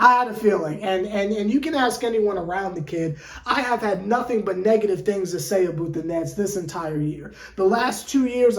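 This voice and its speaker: A woman's voice: medium pitch, a little mellow, reverberant. A woman sports fan vlogger ranting in an exasperated, theatrical way, with lots of rhetorical questions. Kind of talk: fan reaction rant.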